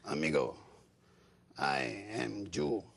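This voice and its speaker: A man doing a gravelly Mexican-accented dub actor. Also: sing-song, full character voice. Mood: solemn. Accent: Mexican Spanish. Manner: slow broken English, deep mock-solemn delivery. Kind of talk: impression within a talk show anecdote.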